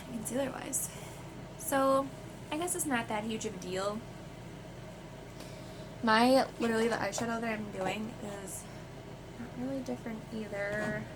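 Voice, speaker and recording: A woman with a congested, runny nose, chattering her way through a makeup tutorial with lots of "like" and quick apologies. She is filming at home on her phone in front of a mirror. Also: fairly high pitch. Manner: chatty, apologetic, filler-heavy with "like". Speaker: beauty vlogger. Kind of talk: casual makeup tutorial chat. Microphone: phone camera. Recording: home phone video with heater noise. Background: central heating hum.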